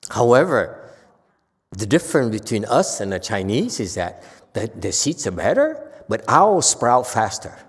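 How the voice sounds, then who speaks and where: A man giving an informal Buddhist dharma lecture, talking conversationally with animated bursts and frequent restarts. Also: medium pitch. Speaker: Buddhist teacher. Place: temple lecture hall. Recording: long hall reverb.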